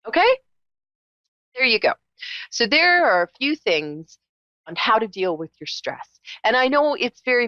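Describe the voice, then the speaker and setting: A woman's voice: mid-range voice, fairly bright tone, no room sound, lo-fi sound. A woman hosting a call-in psychic show, talking in a chatty, teasing way with emphatic repetitions. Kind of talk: live call-in psychic reading.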